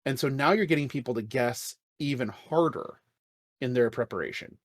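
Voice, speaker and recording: A man's voice: mid-range voice, moderate pace, no room sound, studio quality. Blunt, profane man ranting on a podcast. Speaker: podcast co-host. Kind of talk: casual chat.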